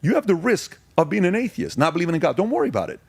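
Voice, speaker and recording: A man's voice: sits high, huge pitch swings, racing, creaky, a little mellow, breathy edge, dry recording. A man in his forties from Iran, a podcast guest telling his story in an emphatic, casual way and firing off rhetorical questions.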